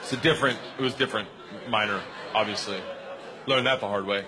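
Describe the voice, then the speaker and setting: A middle-aged man doing profane stand-up storytelling in front of a live audience, brash and building up to shouts. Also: lowish voice, fast, a crowd in the background, background noise. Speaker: stand-up comedian. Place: comedy club before a live audience.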